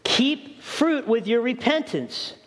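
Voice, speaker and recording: A man's voice: extremely high pitch, expressive, takes it slowly, a bit bright. A middle-aged man preaching a sermon as pastor, urgent and questioning the congregation directly. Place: church hall. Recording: long church hall reverb.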